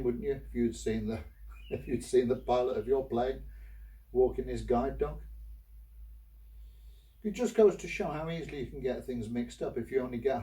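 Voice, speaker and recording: A man, a bishop, tells stories in a loose, chatty homily, often restarting phrases and turning to the listener with asides. His voice is mellow and on the dark side. He sounds a little away from the microphone. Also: on the low side, distant mic, rough recording. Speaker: bishop giving a short homily.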